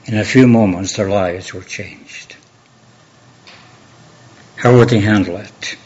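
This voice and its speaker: A man preaching a sermon as a pastor, measured and earnest, building on repeated rhetorical questions. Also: fairly low pitch, a little mellow, slightly rough, muffled recording.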